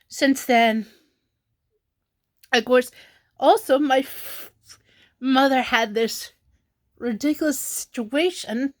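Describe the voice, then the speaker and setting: A woman vlogging about her troubles while crying, halting and apologetic, with sighs and restarts. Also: high voice, darkish tone. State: crying, tearful. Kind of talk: emotional personal vlog.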